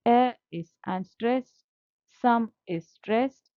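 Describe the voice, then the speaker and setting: A woman's voice: a little high, extremely slow, dry recording. A woman teaching a slide-based literature lesson, patient and methodical, repeating key terms and spelling out each syllable. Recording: dull lo-fi dry recording.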